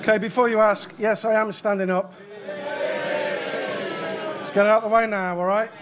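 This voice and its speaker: A man's voice: sits high, level tone, normal speed, music in the background, crowd noise. A man from the UK chairing an event and giving a joking, chatty welcome speech in a function room. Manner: joking, self-deprecating, chatty. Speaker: chair of rescue organisation, event speaker.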